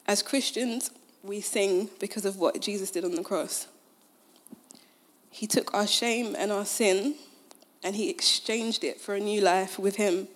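A woman's voice: mid-range voice, steady tone, a little slow. Young woman preaching in a casual way. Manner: conversational, with frequent fillers, retells scripture in modern slang. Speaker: speaker at a Christian gathering. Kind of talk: casual sermon.

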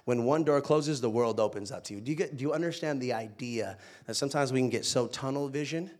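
A young male pastor preaching in an easy, conversational way. He tells playful stories, rising loud and excited, then drops to a soft, hushed tone. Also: medium pitch, fast. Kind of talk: sermon.

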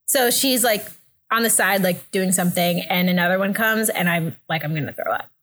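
A young woman telling a story in a casual chat, animated and laughing often, acting out the other people's voices. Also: normal speed. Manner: animated, acts out voices with big pitch jumps, laughs often. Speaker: guest telling a birth story.

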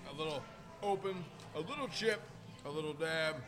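A man with a slightly high voice introduces the show and reviews a sauce. He speaks in short, plain sentences with simple verdicts. The tone is that of a casual podcast host. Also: moderate pace.

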